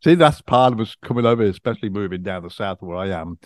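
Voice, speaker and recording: A man's voice: fairly low pitch, lively intonation, fast talker, no echo. A middle-aged English man co-hosting a podcast, chatting in an easygoing, self-deprecating way. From England. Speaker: podcast co-host. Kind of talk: casual chat.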